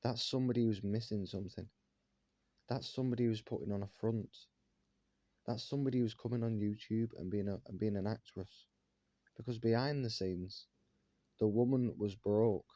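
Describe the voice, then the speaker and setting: A man's voice: lowish voice, normal speed, dark tone, no echo, muffled recording. A man ranting to his viewers in an indignant monologue, firing one rhetorical question after another. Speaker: vlogger.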